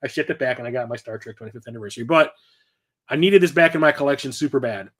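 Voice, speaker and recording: A man's voice: medium pitch, very fast. A middle-aged man hosting a collector channel, chatting casually and profanely as he shows off his new pick-ups and tells stories. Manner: chatty, profane, animated storytelling. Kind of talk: casual collection show-and-tell.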